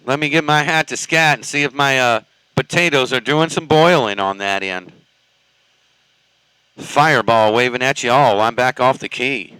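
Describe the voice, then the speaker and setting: A man's voice: mid-range voice, moderate pace, bright, forceful tone, slight background noise, poor audio. A man from California chatting casually on a CB radio, rambling and cussing in a laid-back way. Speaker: CB radio operator.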